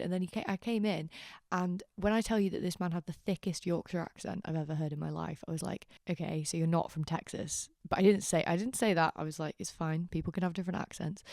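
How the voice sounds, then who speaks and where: A woman's voice: lowish voice, creaky, darkish tone, no echo, clean studio sound. A young woman hosting a podcast, telling a story in a candid, rambling, self-deprecating way. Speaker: podcast host. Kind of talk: casual storytelling chat.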